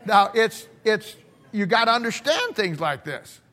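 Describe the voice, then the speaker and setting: A middle-aged man preaching in a loose, conversational way, blunt and folksy. He stumbles and repeats words as he builds his stories. His voice sits a little high for a man. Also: sing-song, measured pace, pushed and bright. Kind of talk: conversational sermon storytelling.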